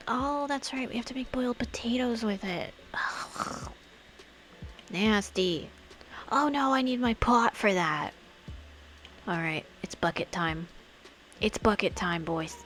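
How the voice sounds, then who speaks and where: A woman's voice: medium pitch, a bit bright. A woman streamer chatting casually while playing a game, thinking aloud and murmuring to herself.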